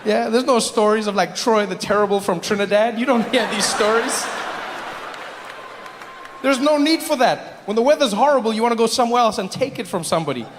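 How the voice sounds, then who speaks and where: A man from Africa doing stand-up comedy, animated and mocking as he builds to each punchline. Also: high-pitched, fairly quick, background noise. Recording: live hall with audience.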